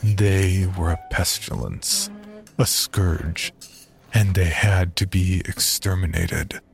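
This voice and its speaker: A man's voice: low voice, slow pace, vocal fry, exaggerated voice. A man voicing an icy, pious priest who justifies killing in scriptural language, in a horror story reading. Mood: cold. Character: cold, pious old male priest, menacing.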